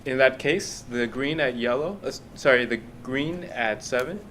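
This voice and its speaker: Man, mid-pitched, polite, methodical, speech evaluator introducing a speaker, meeting room. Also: moderate pace, a bit bright, slight background noise. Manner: polite and methodical, with small slips.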